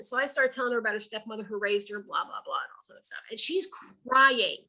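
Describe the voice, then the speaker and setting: A woman's voice: fairly high pitch, quick pace, rough recording. A woman giving a talk over a video call, telling stories in a chatty, folksy way and acting out the dialogue. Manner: lively, chatty storytelling that acts out quoted dialogue; colloquial, folksy phrasing. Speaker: author and speaker. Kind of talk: storytelling talk to an online audience.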